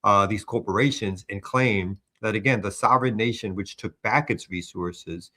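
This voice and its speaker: A man's voice: fairly low pitch, moderate pace, pushed and bright. A man hosting a morning show, talking through a news story in an earnest, discursive way. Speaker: news commentary host. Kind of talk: political news commentary.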